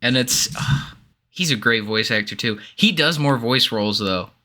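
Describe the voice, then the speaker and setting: A podcast co-host chats casually in an animated way, laughing a lot and swearing freely. His voice is mid-range and his pace moderate.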